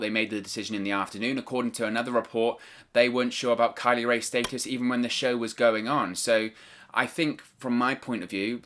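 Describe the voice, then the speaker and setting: A man delivers solo news commentary in a fairly low voice with a bright, forceful edge. He talks cautiously, stumbling and repeating words as he picks his phrasing. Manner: hesitant, repeats words, stumbles while choosing words carefully. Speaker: wrestling news vlogger.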